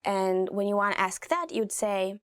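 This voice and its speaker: A woman's voice: mid-range voice, animated, moderate pace, clear, resonant tone, no echo. A young woman hosting a casual language lesson, chatty and sprinkled with "like" as she explains useful phrases. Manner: chatty, filler-heavy with frequent "like". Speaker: language teacher and host.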